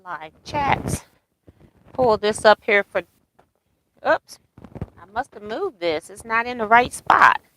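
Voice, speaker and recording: A woman's voice: fairly high pitch, animated, slow, pauses often, a bit bright, slight background noise, poor audio. A woman hosting a casual quilting live chat, rambling about her plans and reading viewer comments aloud. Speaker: quilting livestream host.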